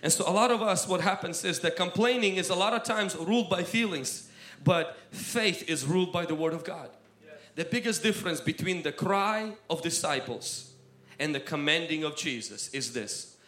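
A man preaching a sermon with passion, swinging between loud exhortation and quiet asides. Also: on the high side, lively intonation, normal speed. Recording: roomy echo.

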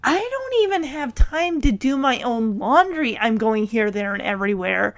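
A woman's voice: fairly high pitch, sing-song, moderate pace. A woman voicing an offended, busy woman reporter who answers defensively. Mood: indignant.

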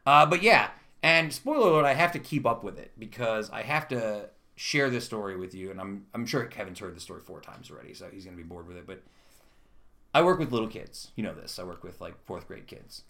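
A man's voice: on the low side, lively intonation, fairly quick, creaky, pushed and bright. A young man co-hosting a casual podcast, telling self-mocking stories and laughing as he goes. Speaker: podcast co-host. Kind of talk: casual chat.

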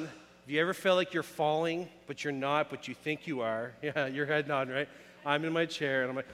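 A man's voice: a little high, brisk, a bit bright, a little hiss or hum. A man in his thirties preaching a casual sermon, telling stories and asking the congregation questions. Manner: casual storytelling with audience questions. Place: church sanctuary. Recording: echoey hall.

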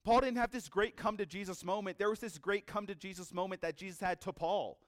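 A male pastor preaching a sermon, telling a story with lively energy and acting out the characters he quotes. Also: sits high, fairly quick, dry recording, clean studio sound.

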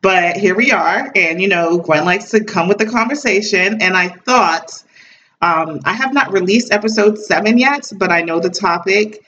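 A woman's voice: medium pitch, moderate pace, a bit bright. Woman podcast host, chatty and laughing, off-mic, muffled, faint hiss. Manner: chatty, laughing, full of fillers. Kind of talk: casual podcast chat. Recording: dull distant recording with faint hiss.

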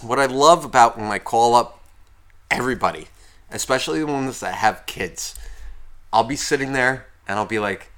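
A man co-hosting a casual podcast, swearing constantly and acting out his phone calls in loud rants. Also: medium pitch, normal speed. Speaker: podcast co-host.

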